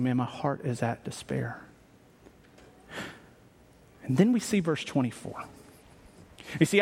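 High-voiced man preaching in a reverberant hall. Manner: animated, emphatic preaching with restarts and rhetorical questions. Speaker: pastor. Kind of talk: sermon.

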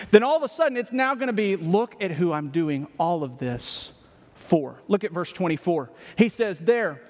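A man's voice: high voice, big-room sound. A man preaching a Sunday sermon, reading verses aloud and asking rhetorical questions, with emphatic restarts. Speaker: pastor.

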